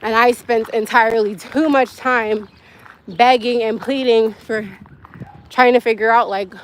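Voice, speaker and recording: A woman's voice: fairly high pitch, steady tone, unhurried. A young woman hosting a casual livestream from her phone, talking candidly with viewers in a rambling way and laughing often. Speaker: livestream host. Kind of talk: casual live-stream chat with viewers.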